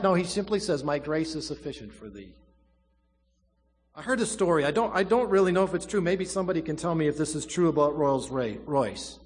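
A man's voice: high voice, expressive, in a large hall. Preacher man with dramatic rise and fall. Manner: dramatic preaching, swells loud then drops to a hush, slow emphatic stresses. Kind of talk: sermon.

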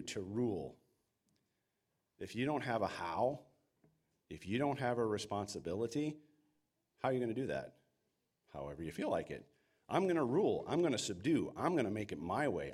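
A man's voice: on the low side, a little mellow. A man preaching a sermon in an earnest, emphatic way, sometimes acting out quoted voices. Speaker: pastor.

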